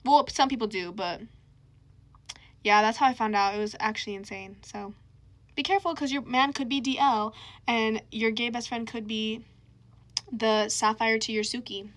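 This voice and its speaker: A woman's voice: a little high, moderate pace, a little hiss or hum. A young woman telling a personal story in a casual storytime monologue, chatty and full of "like", quoting people in her own voice.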